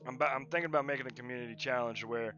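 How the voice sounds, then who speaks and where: A man's voice: medium pitch, steady tone, racing, bright, forceful tone, lo-fi sound, faint music behind. A man chatting casually and rambling while drawing on a livestream, laughing often. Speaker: livestreaming digital artist.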